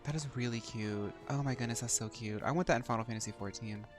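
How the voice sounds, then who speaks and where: A man's voice: medium pitch, fast talker, music in the background. A young man streaming a video game, reacting with sassy, campy banter and playful teasing. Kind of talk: live game stream commentary.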